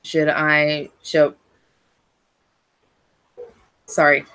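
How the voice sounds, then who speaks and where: Low-voiced woman rambling through a recap. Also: monotone, takes it slowly, fairly bright tone, clear, resonant tone. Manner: rambling, with frequent restarts and self-corrections. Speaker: fan reviewer. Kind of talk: casual episode recap.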